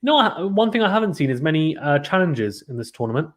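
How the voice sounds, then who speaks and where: A man's voice: fairly high pitch, big pitch swings, fast talker. A man commentating a live tennis watchalong stream, chatting casually and reading out viewer comments between points.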